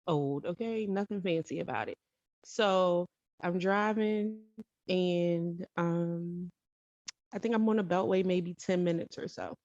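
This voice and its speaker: On a dry, dull lo-fi recording with no room sound, a woman with a lowish, slightly mellow voice recounts something personal. The storytelling vlogger meanders casually, fixing her own words and dropping emphatic asides.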